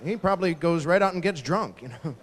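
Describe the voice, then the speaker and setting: Animated stand-up comic in a big hall. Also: male voice, on the high side, a little hiss or hum. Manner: animated, acting out family members in quick asides. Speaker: stand-up comedian. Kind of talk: stand-up routine. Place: large ballroom stage at a live fundraiser. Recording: long hall reverb from a large ballroom.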